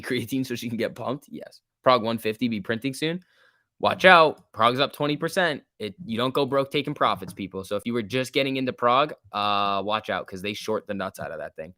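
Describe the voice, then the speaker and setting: A man's voice: mid-range voice, pushed and bright, no echo, studio quality. A man casually commenting on a livestream and reading out chat, laid-back and chatty, laughing often. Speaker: stock market livestream host.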